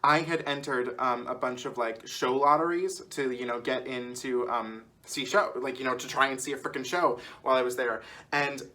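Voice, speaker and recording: A man's voice: medium pitch, fairly even intonation, normal speed, bright, forceful tone. A man in his twenties chatting casually as a vlogger, rambling through an anecdote and laughing often. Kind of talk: casual storytelling.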